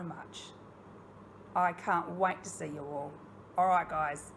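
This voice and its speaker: معلمة أسترالية تتحدث بحيوية مع الأطفال. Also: female voice, lowish voice, unhurried, slight background noise. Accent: Australian. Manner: expressive, questioning, encouraging, speaks directly to pupils. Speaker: primary school teacher. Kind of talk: recorded online lesson for young children.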